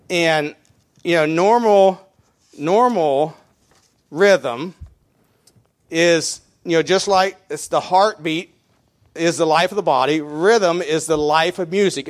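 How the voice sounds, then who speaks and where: A middle-aged pastor preaches in a loose, conversational way, full of fillers and restarts. He counts out beats aloud as he goes. His voice sits a little high for a man. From Mennonite community. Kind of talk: sermon.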